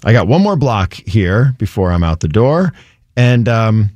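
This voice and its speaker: A man's voice: fairly low pitch, very animated, a little slow, a little mellow, no echo, clean studio sound. A man working as a radio DJ, chatting casually between songs, thanking listeners, with fillers and a playful, teasing way of talking. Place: radio studio. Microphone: studio microphone.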